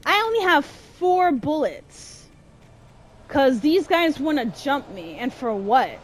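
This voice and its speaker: High, lively woman ranting through gameplay. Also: slow pace. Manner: exasperated, swearing, talking back to the game; slangy casual speech. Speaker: gameplay streamer. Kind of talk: live gameplay commentary.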